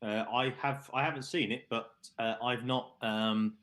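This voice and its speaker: A man's voice: medium pitch, fairly even intonation, moderate pace, a bit bright. A man hosting a live online darts stream, chatting casually with co-hosts, laughing and reading out viewer questions.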